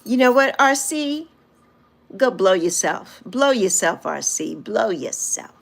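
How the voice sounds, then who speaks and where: A woman's voice: medium pitch, animated, takes it slowly, gravelly. A woman in her sixties hosting a casual livestream, chatting with viewers and playfully teasing them as she reads and answers their comments, laughing often. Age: 60s. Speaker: livestream host.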